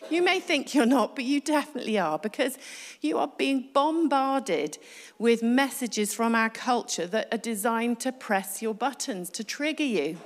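Female preacher, conversational sermon, higher voice, reverberant hall. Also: expressive, normal speed. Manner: conversational, asks the congregation rhetorical questions.

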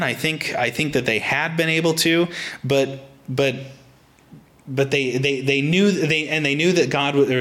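Young male preacher, lively bright delivery, casual sermon with frequent restarts. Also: fairly high pitch. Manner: animated, frequent restarts, acts out quotes. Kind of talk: sermon with personal anecdote.

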